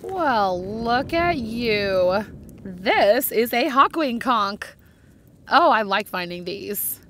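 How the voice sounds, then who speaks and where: A woman vlogger narrating her beach walk, gently admiring each shell she picks up. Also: on the high side, big pitch swings, very slow, a little hiss or hum. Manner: gentle, admiring commentary on finds.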